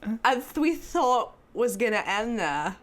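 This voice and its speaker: A woman's voice: on the high side, slow pace. Giggly Australian woman podcaster. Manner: giggly, animated storytelling, laughs often. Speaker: podcast co-host. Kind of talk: casual chat.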